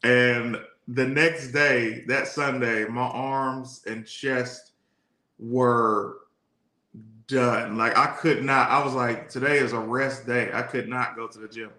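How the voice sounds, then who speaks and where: A man's voice: medium pitch, fairly even intonation, takes it slowly, sharp tone. A man from Detroit co-hosting a casual live-streamed podcast, easygoing and rambling as he tells stories. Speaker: podcast co-host. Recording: echoey room.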